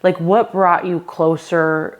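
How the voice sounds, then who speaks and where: A woman with a low-pitched voice hosting a casual interview. She encourages her guest warmly with affirmations and asks inquisitive follow-up questions. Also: fairly even intonation, slow pace, lo-fi sound. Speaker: podcast host.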